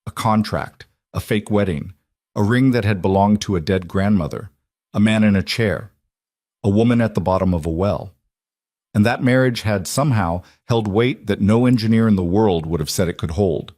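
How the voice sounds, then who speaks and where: A man narrates a scripted drama in short, even, declarative sentences. His voice sits fairly low. The sound is close and dry, with no room echo. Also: normal speed.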